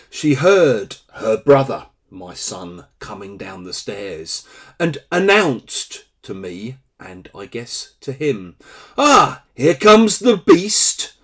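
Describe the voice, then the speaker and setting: A man's voice: lowish voice, sing-song, slow, slightly rough. A middle-aged man teaching an English phrase to learners in a chatty way, acting out little quoted scenes as he goes.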